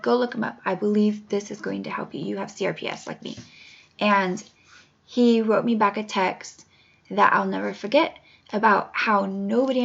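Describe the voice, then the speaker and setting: Earnest gravelly woman, lo-fi recording. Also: mid-range voice. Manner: emotional, earnest, holding back tears. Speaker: patient advocate. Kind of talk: personal testimony to camera. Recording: dull lo-fi home recording.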